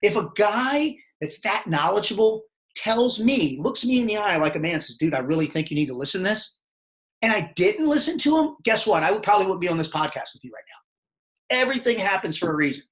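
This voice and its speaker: A man's voice: sits high, fairly quick. A middle-aged man, telling rambling, profane stories as a podcast guest. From Baltimore, Maryland. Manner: profane, rambling, animated storytelling. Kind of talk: casual storytelling interview.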